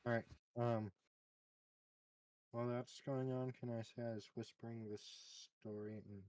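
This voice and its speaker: A man's voice: mid-range voice, flat delivery, moderate pace, a little mellow, dry recording, poor audio. A man playing a tabletop game who talks hesitantly, stopping and restarting. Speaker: player. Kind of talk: casual tabletop play.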